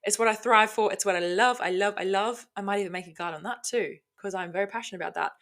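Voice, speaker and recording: A woman's voice: mid-range voice, quick pace, a bit bright. A woman hosting a casual solo podcast, rambling bluntly with frequent swearing and lots of enthusiasm. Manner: enthusiastic and self-talking. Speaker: podcast host.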